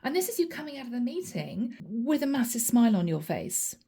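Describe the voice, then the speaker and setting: Casting: middle-aged woman, fairly high but mellow voice, chatty reader speaking to camera. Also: sing-song, brisk, slightly rough. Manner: chatty, repeatedly addresses the listener by sign. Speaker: tarot reader. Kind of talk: channeled reading to camera.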